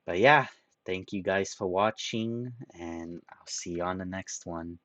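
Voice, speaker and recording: Young man, very low voice, tearful solo reviewer, rambling delivery, dry close sound. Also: a bit bright, dry recording. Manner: rambling, halting with repeats and ums. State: tearful, emotional. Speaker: video reviewer.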